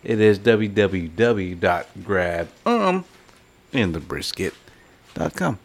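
Male podcast co-host, loose and joking, low voice. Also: expressive, slow. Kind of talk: casual chat.

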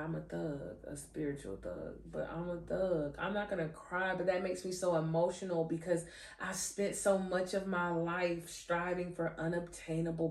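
Woman podcast host, low-ish voice, slow and giggly, set back from the mic in an echoey room. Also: far from the mic. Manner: animated, giggly, trips over words; restarts and repeats phrases. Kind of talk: faith podcast talk. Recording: roomy echo, voice off-mic.

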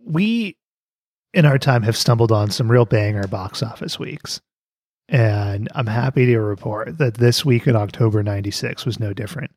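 A man's voice: mid-range voice, expressive, moderate pace, a little mellow, dry recording. Guy cohosting a podcast, jokey and chatty, dry close mic. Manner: joking, playful, laughs often. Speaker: podcast co-host. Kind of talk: casual chat.

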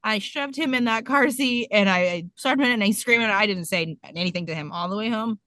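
A woman's voice: mid-range voice, a little fast, a bit bright, no echo. A woman in her thirties telling a self-mocking mom story in casual podcast chat.

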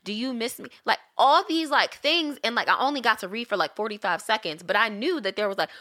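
A young woman telling a long story in casual chat, animated and profane, often laughing. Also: fairly high pitch, a little fast.

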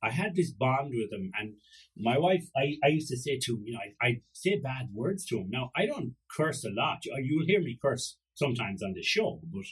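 A man with an Irish accent hosts a casual podcast, chatting loosely and telling stories about his dog. His voice is slightly husky, and he jumps into playful voices and salty language as he jokes. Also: mid-range voice, big pitch swings, normal speed, poor audio. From Ireland. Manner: rambling, joking, acts out voices and swears. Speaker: podcast host. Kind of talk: casual solo podcast monologue.

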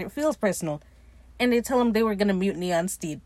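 A woman in mid-register tells an episode's story like gossip to a friend, breaking into laughter and cursing as she goes. She recorded close to the mic in a dry, dead space. Her tone is animated and playful. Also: medium pitch, fast, no echo. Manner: animated, laughing often, retelling scenes with playful quoted voices; swearing, sassy commentary. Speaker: recap podcaster. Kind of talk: casual TV episode recap.

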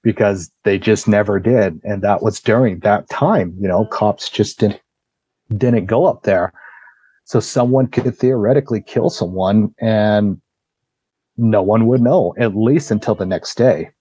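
A man's voice: on the low side, a little slow, dark tone, breathy edge, no room sound, lo-fi sound. A man on a podcast telling a story in a casual way, swearing freely and acting out what others said. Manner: vivid retelling, swears freely, acts out the voices of others.

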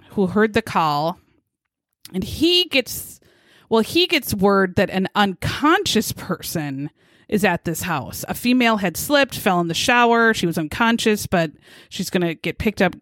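A woman's voice: medium pitch, sing-song, a little slow, fairly bright tone, no room sound, clean studio sound. A woman co-hosting a podcast, chatting casually as she retells a true crime case and acts out the quotes. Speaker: podcast co-host.

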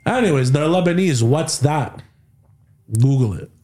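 A young Canadian man hosting a podcast, chatting casually and telling animated stories full of quoted dialogue and slang. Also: a little high, unhurried. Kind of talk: casual storytelling chat.

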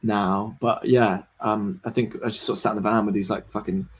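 A young man in his twenties, a band member guest in a casual podcast interview, rambling, excitable and swearing freely. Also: on the low side, fairly quick, slight background noise. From United Kingdom. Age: 20s.

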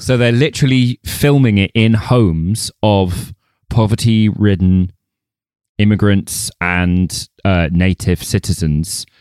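A man's voice: fairly low pitch, takes it slowly, a little mellow, clear, resonant tone, no room sound, studio quality. A man co-hosting a film podcast, talking casually and wryly, repeating words as he builds his points. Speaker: podcast co-host.

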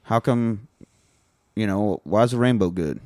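A man's voice: fairly low pitch, animated, a little slow, warm tone, dry recording, clean studio sound. A man co-hosting a casual podcast chat, retelling a film with profane, joking asides. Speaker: podcast co-host. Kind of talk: casual movie recap chat.

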